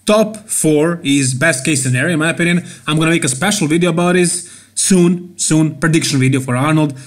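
A man from Serbia with a Serbian accent, hosting an opinionated bodybuilding commentary vlog and repeating key words for emphasis. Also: a little high. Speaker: bodybuilding channel host.

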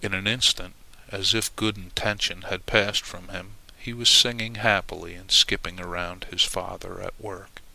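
Deep, gravelly male storyteller. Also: sharp tone, rough recording. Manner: measured, dramatic reading. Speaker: narrator. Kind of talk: storybook narration.

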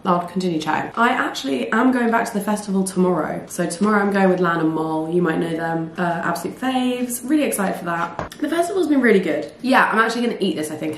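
Chatty hoarse woman in her twenties. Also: lowish voice, a little hiss or hum. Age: 20s. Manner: chatty, rambling, often laughing. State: slightly hoarse. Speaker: vlogger. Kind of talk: casual vlog chat. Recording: echoey room with faint ambience.

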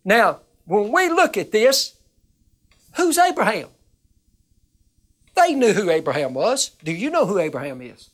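A woman minister teaching the Bible on a television broadcast, earnest and emphatic, repeating words as she gets excited. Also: mid-range voice, measured pace, pauses often.

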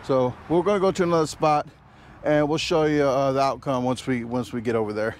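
Out in the woods with an action camera, a man rambles and jokes through a casual vlog, using plenty of fillers. His medium-pitched voice is steady and a little fast, with slight background noise behind it.

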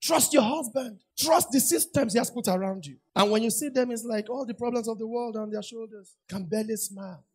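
A man's voice: very high-pitched, fairly quick, few pauses, slightly rough. A man preaching a sermon, repeating lines and asking the congregation questions. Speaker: pastor. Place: church hall.

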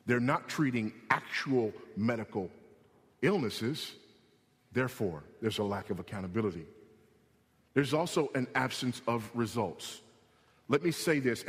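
Emphatic preacher in a reverberant hall. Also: male voice. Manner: emphatic, repeats key points, rises in pitch when pressing a point. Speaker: pastor. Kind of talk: sermon. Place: church sanctuary.

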